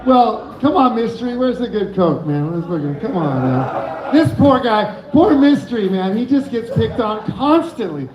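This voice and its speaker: In a noisy bar, an open-mic comedian with a high-pitched voice and big pitch swings talks at normal speed into a handheld mic. The set is rambling, giggly and loose, and the recording sounds echoey and muffled.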